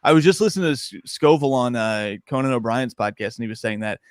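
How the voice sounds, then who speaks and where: A young man, a stand-up comedian, chatting casually on a podcast, animated and laughing often. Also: medium pitch, quick pace, no room sound, studio quality.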